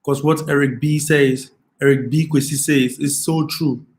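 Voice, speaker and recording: A man's voice: fairly high pitch, steady tone, moderate pace. Impassioned man. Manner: impassioned, repeats phrases, pleads with viewers. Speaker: live stream host. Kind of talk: emotional live stream commentary.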